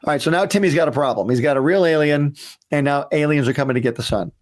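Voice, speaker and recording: A man's voice: fairly high pitch, fast talker. Chatty man reacting to a cartoon. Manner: chatty, anecdotal, with frequent ums and restarts. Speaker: cartoon creator reacting to his show. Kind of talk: casual reaction commentary.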